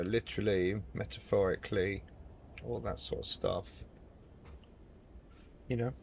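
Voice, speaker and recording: Game streamer, man, gravelly low voice, grumbling casual commentary, faint room noise. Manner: frustrated muttering, talks to the plane. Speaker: flight sim streamer.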